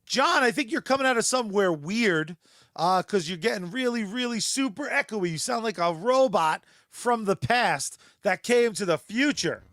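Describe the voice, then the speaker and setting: A man with a high voice co-hosts a casual comic book podcast. He jokes around and rattles off sponsor plugs. The sound is dry and close, with no room around it. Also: lively intonation, fairly bright tone, no room sound. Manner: joking, fast sponsor plugs. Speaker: podcast co-host.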